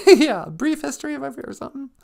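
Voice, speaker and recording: A man playing a shrill, gullible wife, high and giggly, bouncing pitch. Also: big pitch swings, fast talker, vocal fry, a little mellow, heavily acted. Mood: amused. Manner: high squeaky put-on voice, giggling.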